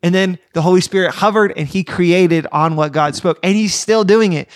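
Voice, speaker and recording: Podcast co-host, male, bright high voice, earnest teaching tone, dry studio sound. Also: no room sound. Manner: earnest, preacherly, reads scripture slowly. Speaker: podcast co-host and youth leader. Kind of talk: casual faith podcast chat with scripture reading.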